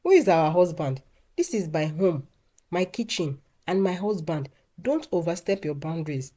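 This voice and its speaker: A woman voicing a patient young wife in a storybook tale, soft and pleading yet firm. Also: on the low side, big pitch swings, normal speed. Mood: indignant.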